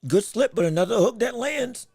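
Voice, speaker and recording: Sounding slightly rough and very high-pitched, a fight commentator calls boxing live from his podcast setup, close on a dry mic with no echo. Excitable and quick to react, he repeatedly corrects and restarts phrases with the action, and he has the hiccups.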